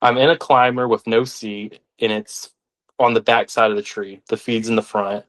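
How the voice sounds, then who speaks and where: A young man, telling stories as a podcast guest in an animated way, sometimes acting out the voices of others. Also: lowish voice, normal speed. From Arkansas, United States. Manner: animated, acts out quoted voices. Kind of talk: casual storytelling.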